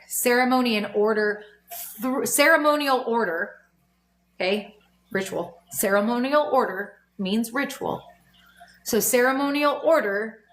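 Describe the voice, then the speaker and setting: A woman's voice: fairly high pitch, fairly bright tone. A woman acting as a spiritual teacher on a home livestream, speaking frankly and swearing freely, often checking in with "okay?". She talks into a phone mic. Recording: echoey room with faint music.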